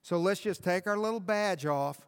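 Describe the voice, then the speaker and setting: A man's voice: high voice, moderate pace, clear, resonant tone, long reverb tail. A man preaching a sermon as pastor, speaking directly and with passion to the congregation.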